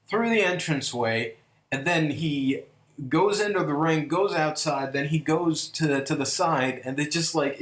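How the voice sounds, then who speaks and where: A man reviewing an old wrestling event, talking casually and enthusiastically, with many fillers and restarts. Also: a little high. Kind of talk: casual video review commentary. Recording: echoey room.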